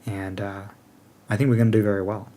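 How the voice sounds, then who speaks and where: A man with a lowish voice, speaking as a game alliance leader, answers questions in relaxed, unscripted chat. He rambles through his plans, thinking aloud and pausing on "um" and "like," with slight background noise.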